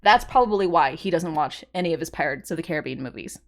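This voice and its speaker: A young adult woman streaming live, reacting excitedly and swearing casually as she talks to her chat. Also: low-pitched, fast.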